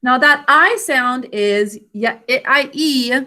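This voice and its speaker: A woman teaching an online spelling and grammar lesson over a video call, slow, clear and encouraging as she sounds out words. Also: sits high, sharp tone.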